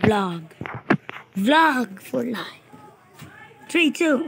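Sex: woman. Style: playful gameplay commentary. Pitch: high. Pace: slow. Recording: noisy. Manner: playful, chatty, bursts into panicked shouting. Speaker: gamer.

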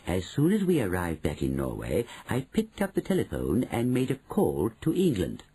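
A shrewd, bold old grandmother, put on by a male audiobook reader, who speaks slowly and with calm, knowing weight. The voice is dark and deeply breathy, with a lively swing in pitch. It suits an audiobook story. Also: full character voice, poor audio. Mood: measured. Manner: slow, measured and knowing. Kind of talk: audiobook reading.

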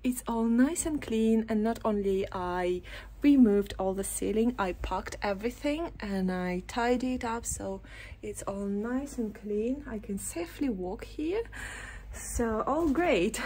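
A slightly high-voiced woman talks slowly through a casual renovation vlog from inside an old house. She sounds jumpy and breathless and keeps laughing nervously, with a faint hum of room ambience behind her. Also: a little mellow. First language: Russian.

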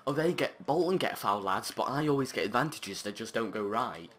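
A man commentating his own football video game match, chatting along and breaking into shouted, sweary outbursts at the play. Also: mid-range voice, lively intonation, fairly quick. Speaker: gaming channel host.

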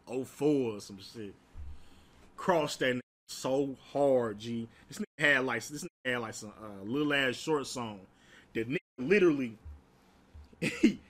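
A man's voice: mid-range voice, a bit bright. A young man from Alabama, telling profane, laugh-filled stories in a casual way. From Alabama, United States. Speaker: storyteller. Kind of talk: casual storytime.

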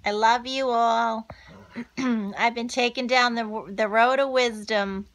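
A woman vlogger signing off to her viewers, effusive and preachy, repeating herself warmly. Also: fairly high pitch, steady tone, slow pace. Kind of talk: casual religious vlog sign-off.

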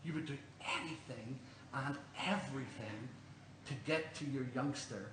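A man's voice: mid-range voice, moderate pace. An Irish man preaching a sermon in a church, earnest and questioning, telling stories to the congregation. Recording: roomy church, distant mic, faint hum.

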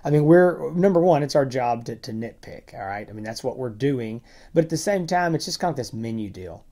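Man, podcast co-host, casual review chat, quiet asides. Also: mid-range voice, expressive, brisk. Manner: conversational, trails off into quiet asides.

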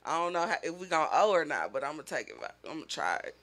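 A woman's voice: low voice, very animated, rapid-fire, a bit bright. A woman hosting a casual podcast with friends, talking loose and slangy and laughing often. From Kansas City area. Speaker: podcast host.

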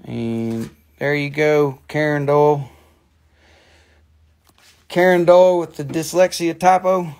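American man, gravelly voice, a bit high, playful live-stream host, swears casually. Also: steady tone, takes it slowly, long pauses, darkish tone. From grew up near Washington, D.C. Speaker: host of a live mineral sales show. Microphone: phone.

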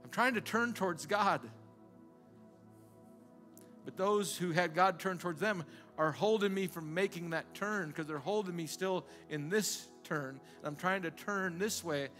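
A man's voice: high-pitched, unhurried, fairly bright tone, soft background music. A male pastor preaching a sermon in a conversational way, asking the congregation rhetorical questions again and again.

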